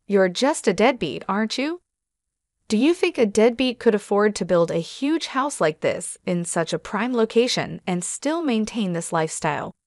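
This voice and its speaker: An angry, entitled grown son snapping scornfully at his father, as a woman reads him in a story. The voice sits at a middle pitch and sounds dry and close. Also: big pitch swings, normal speed, no room sound.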